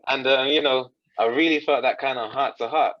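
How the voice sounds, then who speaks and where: A man's voice: medium pitch, steady tone, fairly quick, dull audio. A man, a coach, earnestly recounting a story in conversation, quoting others and often restarting his sentences. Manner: earnest, retells dialogue in quotes with frequent restarts. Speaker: coach, podcast guest.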